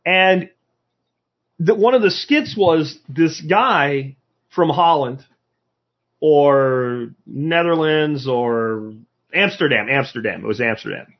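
A man's voice: a little high, lively intonation, slow pace, highs cut off. A man from the United States giving a casual, opinionated talk to an audience, emphatic and full of rhetorical questions. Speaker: speaker addressing a live audience.

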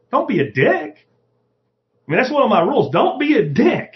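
Profane, animated man hosting a podcast. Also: extremely high pitch, moderate pace, noisy background. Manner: profane, animated, acts out quoted voices. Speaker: podcast host. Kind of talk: casual monologue. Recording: dull lo-fi podcast audio.

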